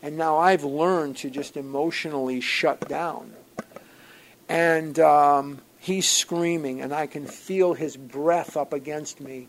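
Gravelly man telling his recovery story. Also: fairly high pitch, slow pace, a little hiss or hum, rough recording. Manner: animated, wry storyteller who swings from loud outbursts to quiet asides. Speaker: speaker sharing at a recovery program gathering. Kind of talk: personal storytelling talk to a group.

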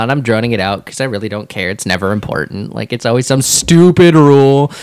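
Animated laughing man telling a story. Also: fairly high pitch, unhurried, clear, resonant tone, no room sound, studio quality. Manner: animated, laughs often while telling stories. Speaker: podcast co-host. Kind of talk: casual storytelling chat. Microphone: mic placed close to his mouth.

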